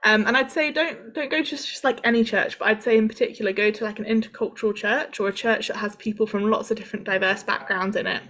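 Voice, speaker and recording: Quick, casual woman. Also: mid-range voice, fairly even intonation, a bit bright. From south of England. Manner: quick, informal, lots of fillers. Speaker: guest speaker. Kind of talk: conversational interview.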